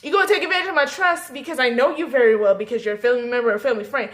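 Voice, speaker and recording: A young woman vlogging a personal story, emotional and halting, tearful and repeating herself. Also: sits high, a bit bright. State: tearful, crying at times.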